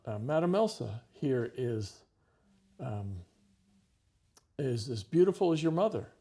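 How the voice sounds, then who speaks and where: A man voicing a kindly middle-aged French woman who shelters a boy, speaking in a bright, coaxing hostess tone. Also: medium pitch, very animated, unhurried, vocal fry, slightly rough, exaggerated voice.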